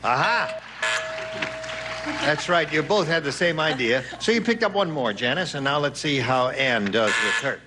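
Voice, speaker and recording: A man's voice: on the high side, expressive, moderate pace, over music. Wisecracking male game show host. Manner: wisecracking, reads question prompts aloud. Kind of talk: game show hosting, joking banter.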